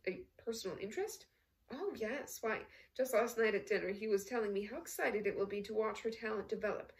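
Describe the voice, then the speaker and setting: A woman reading the lines of a poised, disarming actress with gentle teasing charm. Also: mid-range voice, brisk, recorded from a distance, natural voice. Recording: voice set back from the mic.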